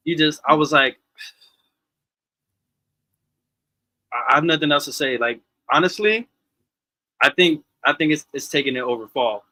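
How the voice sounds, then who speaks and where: A man's voice: fairly high pitch, unhurried, pauses often, sharp tone, no echo. A man in casual chat at a listening party, gushing about a song and swearing playfully.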